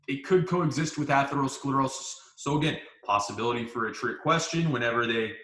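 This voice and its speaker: A man lecturing on medicine in a casual, loose way, voicing the student's inner thoughts as he goes. His voice is bright and forward. The room echoes around him. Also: medium pitch. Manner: relaxed, acts out students' thoughts in asides.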